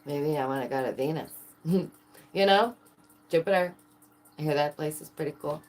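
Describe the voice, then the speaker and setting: Excitable woman vlogger, lowish voice. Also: moderate pace. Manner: excitable, asks viewers many rhetorical questions, laughs often. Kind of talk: casual chat to camera.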